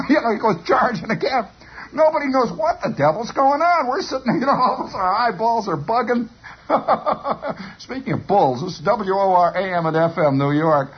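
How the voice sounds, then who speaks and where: A man telling a long rambling story on the radio, animated and stammering, on a dull lo-fi broadcast. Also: high-pitched, slightly rough. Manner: animated, stammering repetitions, chuckling.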